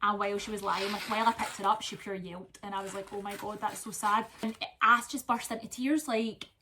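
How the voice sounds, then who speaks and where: A woman's voice: mid-range voice, fairly even intonation, fairly quick, pushed and bright, a little hiss or hum. A Scottish woman vlogging at home, telling a long rambling story in casual chat while wrapping gifts. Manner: chatty, rambling storytelling with asides.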